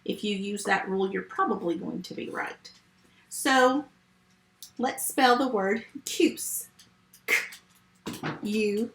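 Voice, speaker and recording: A woman's voice: mid-range voice, creaky, a bit bright, roomy sound, a little hiss or hum. A woman teaching a first grade phonics lesson remotely, patient and step by step. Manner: slow, patient, step-by-step teaching to young children.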